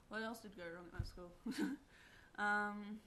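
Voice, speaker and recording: A young woman telling a personal story to camera in a rambling, halting way, full of fillers. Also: medium pitch, fairly even intonation, bright, forceful tone, slight background noise. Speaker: vlogger.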